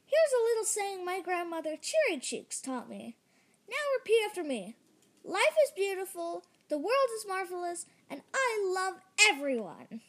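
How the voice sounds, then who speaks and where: A woman's voice: very high voice, very animated, full character voice. Woman doing a bossy drawling girl mouse. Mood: breezy. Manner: brisk, commanding, drawling endearments. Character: bossy, upbeat female mouse who drawls sweetly.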